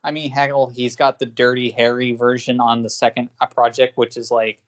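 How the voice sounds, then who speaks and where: A man co-hosting a casual music podcast, his voice sitting at an ordinary middle pitch. He rambles through his points in an animated way, tossing in quick asides as he goes. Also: highs cut off. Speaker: podcast co-host. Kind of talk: casual chat.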